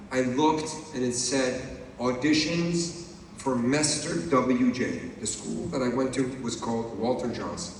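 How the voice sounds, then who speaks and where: Man, from Iran, stand-up comedy, animated, roomy reverb, distant mic. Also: medium pitch, slight background noise. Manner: animated storytelling, bursts of sung and shouted bits. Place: theatre stage. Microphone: handheld mic. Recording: echoey hall from far off.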